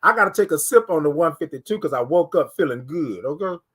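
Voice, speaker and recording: A man hosting a casual morning livestream, greeting viewers and reading their comments aloud in an animated way. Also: fairly high pitch, fast, husky. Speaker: livestream host.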